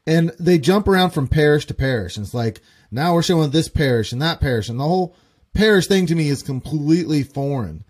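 A man's voice: on the high side, lively intonation, fairly quick. A man hosting a podcast, asking eager, curious questions and tripping over his words as he starts them. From American Midwest. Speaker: podcast host. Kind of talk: casual interview chat.

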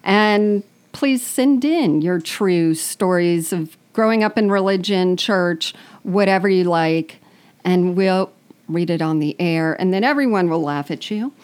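A woman co-hosting a podcast, talking slowly and unhurriedly. Her tone is dry and deadpan, full of sarcastic teasing, in loose, casual banter. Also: on the low side, clean tone. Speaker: podcast co-host.

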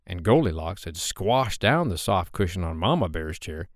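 A man reading a bedtime story aloud for his podcast, expressive and slowing down gently at calm moments. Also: low-pitched, no echo, studio quality.

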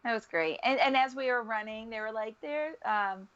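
A woman's voice: normal speed, clean tone. A woman co-hosting a podcast in casual chat, acting out quotes with big swings in her voice. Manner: animated, acts out quotes with big pitch jumps. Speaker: podcast co-host. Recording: dull lo-fi recording.

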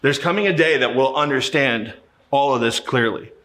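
This middle-aged Ohio pastor shares a personal story in a conversational sermon, frequently repeating words at the start of his sentences. He has a mid-range, fairly bright voice and speaks at a normal speed.

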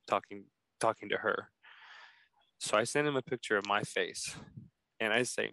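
Bright-voiced man telling a story. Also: lowish voice, moderate pace, no room sound, low-quality recording. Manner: animated, acts out quoted texts. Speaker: podcast host. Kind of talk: casual storytelling.

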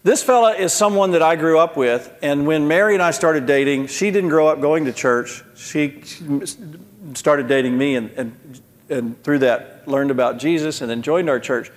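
A man preaching as a pastor, telling folksy family stories in an animated way. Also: a little high, normal speed, big-room sound. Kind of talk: sermon with storytelling.

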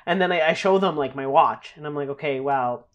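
A woman's voice: low-pitched, fast, dull audio. A woman co-hosting a podcast in casual chat, laid-back and jokey, swearing now and then. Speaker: podcast co-host.

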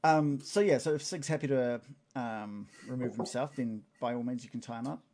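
A man running a tabletop game as game master, relaxed, with lots of um and uh. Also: medium pitch, moderate pace. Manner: relaxed, many fillers, animated.

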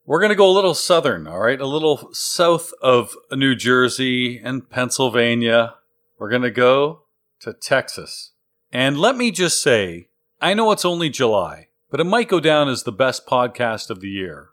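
A man's voice: mid-range voice, big pitch swings, normal speed, fairly bright tone. A man hosting a pinball trivia podcast, introducing contestants in an upbeat announcer manner. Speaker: podcast host. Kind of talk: game-show style hosting.

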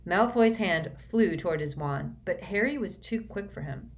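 A woman reading a storybook aloud in a steady, measured way. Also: on the low side. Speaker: audiobook reader. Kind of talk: storybook narration.

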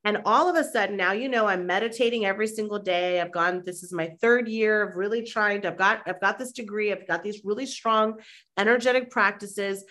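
A woman, a mindset and manifestation coach, telling a lively personal story as a podcast guest and acting out the people in it. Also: mid-range voice, fairly quick. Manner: animated, acts out quoted voices; conversational with fillers like "like". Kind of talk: anecdotal storytelling in an interview.

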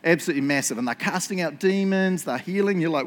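A man preaching a casual sermon, telling stories in an excitable, chatty way and laughing along. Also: on the high side, fast.

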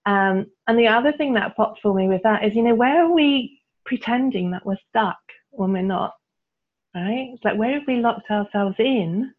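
A woman, a guest coach who tells stories with frequent laughter and leads clearing statements in a conversational interview. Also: fairly high pitch, moderate pace. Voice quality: laughs often, animated storytelling. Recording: tinny phone-like line.

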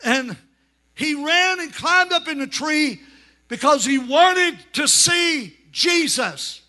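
A man preaching a revival sermon in a church, shouting and telling stories with dramatic flair. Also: very high-pitched, animated, slow pace. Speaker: pastor. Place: church sanctuary.

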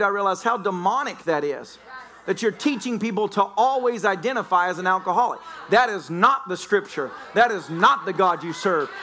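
A man preaching a lively sermon as pastor, laughing often and breaking into shouts. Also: high voice, a little hiss or hum. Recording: church sermon recording.

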